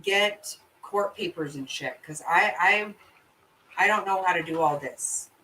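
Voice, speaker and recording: A livestreaming woman reacts to viewer comments in casual talk, her lowish voice bright and sharp, her manner blunt and profane, her laughter frequent. Sitting back a bit from the mic leaves her sounding slightly distant, and there's a little hiss or hum.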